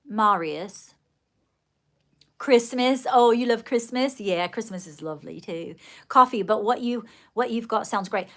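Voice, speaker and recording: A woman's voice: a little high, measured pace. Chatty Southern woman gushing at viewers. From Georgia, US. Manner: chatty, gushing, rambling, calls viewers darling. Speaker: livestream host. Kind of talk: casual livestream chat with viewers.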